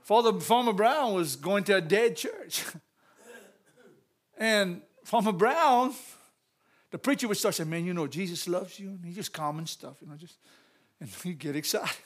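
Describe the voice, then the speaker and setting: A man giving a lively church message, telling stories, repeating phrases and laughing often. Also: high-pitched, a little slow, long pauses. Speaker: church speaker.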